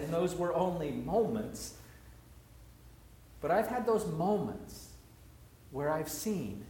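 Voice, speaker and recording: A man preaching a sermon with a slightly higher-pitched voice, reflective and personal as he tells the story. His voice rings in a reverberant room with faint background noise. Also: darkish tone.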